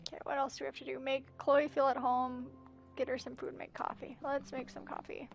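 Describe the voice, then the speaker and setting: Over soft background music, a woman streamer narrates a game as she plays, reading out its messages and journal entries with breathless asides. Her high voice is brisk and creaky, with little pitch movement.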